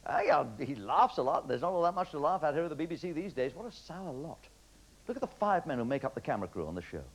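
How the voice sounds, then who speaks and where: An older man hosting a TV talent show, trading quick self-mocking jokes with contestants in a studio. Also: fairly high pitch, big pitch swings, a little hiss or hum, poor audio. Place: TV studio with an audience.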